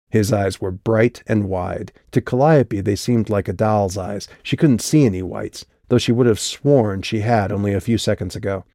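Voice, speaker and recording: A male audiobook narrator with a low voice and a steady, measured delivery. The recording is dry and close, with no room around it. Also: no echo. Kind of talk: scripted narration.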